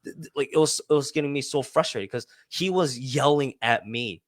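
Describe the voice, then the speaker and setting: Male podcast co-host, fed-up storyteller, curses a lot, mid pitch, dry close sound. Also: normal speed, dry recording. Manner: frustrated, swears, repeats himself. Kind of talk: casual storytelling.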